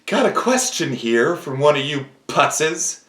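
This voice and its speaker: A man's voice: fairly high pitch, very animated, slow pace, fairly bright tone, heavily acted. A man playing a blunt human fighter who talks crudely and sarcastically. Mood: sarcastic. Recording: echoey room.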